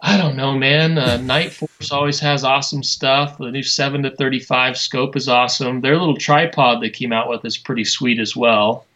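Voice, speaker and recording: A man chatting casually as a show host, enthusiastic but halting, with many fillers and restarts. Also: mid-range voice, fairly even intonation, sharp tone, rough recording. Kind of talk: casual chat.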